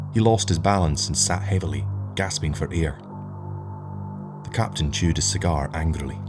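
A man narrating a science-fiction short story in a measured, even reading. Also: sits low. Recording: narration over background music. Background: clear background music.

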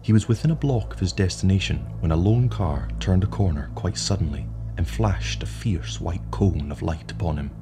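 A man narrating a short story in a measured, atmospheric way. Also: deep voice, music in the background.

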